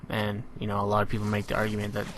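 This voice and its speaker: A man giving a relaxed, analytical voice-over on his own competitive match, filling pauses with "you know". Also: on the low side, a little hiss or hum. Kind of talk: gameplay commentary voice-over.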